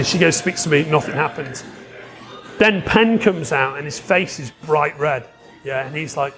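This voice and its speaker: A man telling a long story in a casual podcast chat, animated, laughing often and swearing, with many restarts. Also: a little high, normal speed. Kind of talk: casual anecdote.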